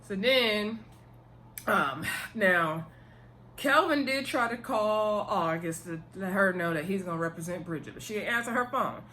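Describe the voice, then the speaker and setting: A woman giving a casual, animated recap of a TV episode, full of slang and playful asides. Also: medium pitch, measured pace. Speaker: TV episode reviewer.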